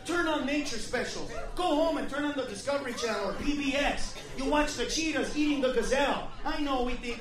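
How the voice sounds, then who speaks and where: A man doing a stand-up set in a comedy club. He rants with a lot of profanity and swings from quiet mutters to loud shouts. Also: very high voice, brisk, distant mic, over music. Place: comedy club stage with a live audience. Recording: echoey club with crowd laughter and noise.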